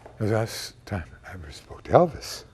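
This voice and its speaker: An older man telling a personal memory in a reflective, emotional way, dropping to a hush at times. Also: on the low side, very animated, brisk, breathy edge. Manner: reflective and emotional, with quiet hushed passages. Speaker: storyteller recounting a personal memory. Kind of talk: personal storytelling to camera.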